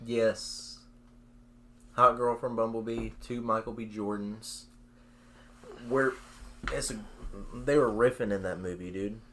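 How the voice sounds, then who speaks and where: A man's voice: fairly low pitch, fairly even intonation, slow pace, pauses often, fairly bright tone, slight background noise. Laid-back man cohosting. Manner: laid-back, swears a lot, says dude and bro. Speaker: podcast co-host. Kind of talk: casual podcast banter.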